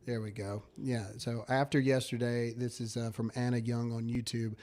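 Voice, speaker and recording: A man's voice: medium pitch, flat delivery, moderate pace, a little mellow. A man hosting a casual talk show, emphatic and pleading, often stammering and repeating himself. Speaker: show host.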